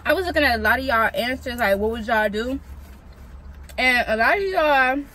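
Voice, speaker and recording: On a low-quality vlog camera recording, a young woman with a voice on the high side films a casual mukbang at a moderate pace. She eats while telling stories in a blunt, profane, animated way.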